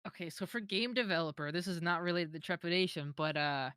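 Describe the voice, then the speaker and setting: A woman's voice: on the low side, fast, fairly bright tone, clean tone, no room sound, clean studio sound. A young woman talking casually as an interview guest, hesitant with many fillers and restarts, giggling now and then. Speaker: modpack creator, interview guest.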